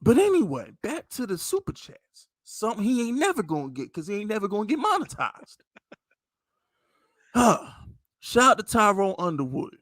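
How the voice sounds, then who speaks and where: Man with a New York accent, high-pitched voice, heated profane podcast rant, dry close sound. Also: wildly swooping pitch, normal speed, fairly bright tone, dry recording. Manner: heated, profane, emphatic venting. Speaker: podcast host. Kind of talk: casual sports podcast rant.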